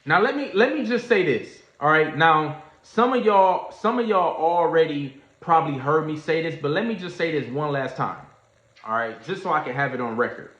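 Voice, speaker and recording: A man telling a story in a casual livestream, animated and slangy, acting out what others said. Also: fairly high pitch, normal speed. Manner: animated storyteller, acts out quoted voices, Southern US slang. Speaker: trading streamer. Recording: echoey room, dull lo-fi sound.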